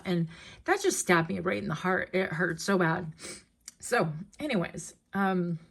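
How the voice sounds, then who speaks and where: A woman doing a casual tarot reading in a chatty, rambling way, laughing easily and getting emotional. Her voice sits a little low for a woman. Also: expressive, unhurried, creaky, fairly bright tone, breathy edge. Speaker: tarot reader.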